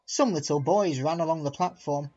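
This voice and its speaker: A man narrating a children's railway storybook in a measured, expressive reading. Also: on the high side. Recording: dull lo-fi with faint music.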